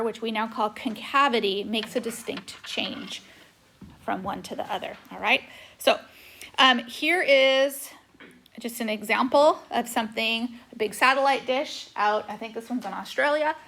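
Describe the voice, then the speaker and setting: Working through a whiteboard recording captured on a tablet mic, a woman chats her way through a math lesson with frequent "okay"s. She speaks at a moderate pace in a higher, somewhat bright voice with vocal fry.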